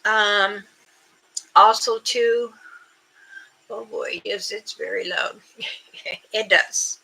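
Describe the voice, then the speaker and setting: Slow-talking older woman live-streaming. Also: medium pitch, steady tone, gravelly, sharp tone, a little hiss or hum, poor audio. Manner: slow, unhurried talk with frequent fillers; imitates creature calls and whoops. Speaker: livestream host. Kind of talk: casual live chat with viewers.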